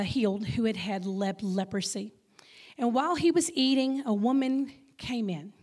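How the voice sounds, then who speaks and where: A middle-aged woman with a Texan accent preaches as a guest speaker, her voice sitting a little high. She talks to the congregation in a lively, conversational way and drops into hushed whispers for effect. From Texas. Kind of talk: sermon.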